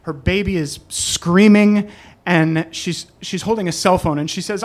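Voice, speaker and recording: A young man telling a personal story live to an audience, animated and conversational with laughing asides. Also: high-pitched, measured pace.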